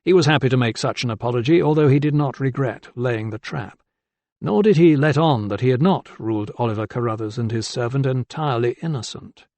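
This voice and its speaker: A man reads an audiobook in a steady, deliberate storytelling manner. His voice has a gravelly grain, and the recording is dry and close. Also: medium pitch, dry recording. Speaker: audiobook narrator. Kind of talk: scripted narration.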